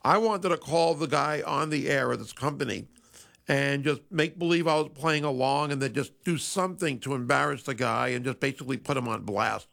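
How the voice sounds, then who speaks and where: A man's voice: medium pitch, moderate pace, creaky, fairly bright tone. A man hosting a sports radio show, telling a story in a rambling, conversational way. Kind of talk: casual radio monologue.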